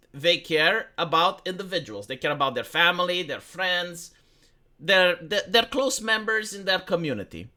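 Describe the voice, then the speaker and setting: Man from Romania, political commentator, ranting, very lively pitch. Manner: animated, ranting, frequent restarts and "like". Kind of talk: opinionated monologue to camera.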